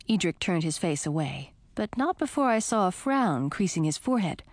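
A woman reading a first-person storybook aloud in an expressive, animated way. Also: lowish voice, moderate pace, few pauses, no room sound. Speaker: audiobook narrator.

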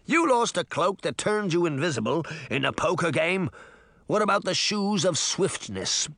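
A man's voice: sits high, big pitch swings, moderate pace, vocal fry, a bit bright, dry recording, pitched above the performer's own voice, exaggerated voice. A man voicing a careless, self-assured rogue in an audiobook, sounding brash and impatient. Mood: needling. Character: cocky, careless roguish man. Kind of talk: audiobook character voice.

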